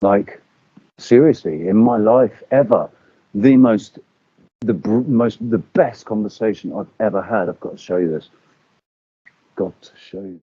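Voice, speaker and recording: A man in casual chat, telling stories with animated swearing and acting out quotes. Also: lowish voice, measured pace, pauses often, husky, no room sound. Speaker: podcast guest. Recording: dull lo-fi audio.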